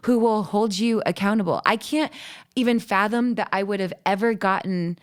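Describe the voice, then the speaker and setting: A woman's voice: medium pitch, moderate pace. A woman in her thirties, a worship leader, talking earnestly and animatedly as a podcast guest and laughing easily. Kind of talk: casual podcast conversation.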